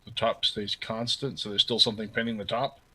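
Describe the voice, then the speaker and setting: A man plays in a tabletop game with a bright, forward tone. He spells out his character's actions step by step and keeps checking the details with questions. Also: fairly low pitch, flat delivery, fairly quick, husky, poor audio. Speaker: player.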